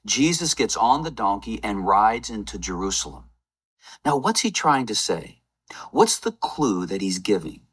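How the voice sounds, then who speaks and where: A man preaching a Palm Sunday sermon, retelling scripture as a lively story with playful game-show asides. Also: lowish voice, a little slow, breathy edge. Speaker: lay preacher.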